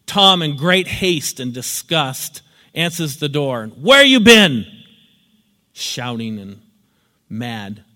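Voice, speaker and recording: A man's voice: medium pitch, slow, pushed and bright. Man lecturing in a reverberant hall. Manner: storytelling, explanatory. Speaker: teacher. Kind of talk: spoken lecture with acted examples.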